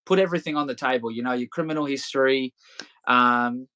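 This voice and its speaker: A man in his thirties, talking as a podcast guest at a mid pitch. His stories ramble and restart, laced with swearing and easy laughter. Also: a little fast, bright, forceful tone, clean tone. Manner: loose, rambling, swears freely, laughs often. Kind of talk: casual storytelling interview.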